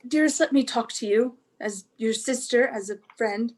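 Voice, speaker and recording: A woman reading the part of a gentle older sister, speaking softly and reassuringly. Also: a little high, normal speed, natural voice. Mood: earnest. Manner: soft, soothing, reassuring. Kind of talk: staged play reading.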